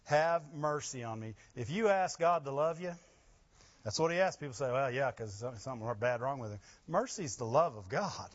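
A man preaching a sermon, rising to loud emphasis with laughing asides. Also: mid-range voice, animated, a little fast, dull audio. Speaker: pastor.

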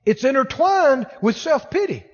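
A man's voice: very high voice, big pitch swings, moderate pace. A man preaching a sermon, exhorting his congregation emphatically and repeating lines for force. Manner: emphatic, repetitive exhortation with rising intensity. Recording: dull sound with long reverb in a large hall.

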